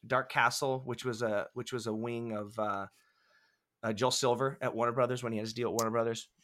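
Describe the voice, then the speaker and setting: A man's voice: mid-range voice, fairly quick. A man in his thirties, a guest filmmaker, telling casual stories with lots of swearing and laughter. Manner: animated, profane, laughing storyteller. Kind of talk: casual podcast storytelling.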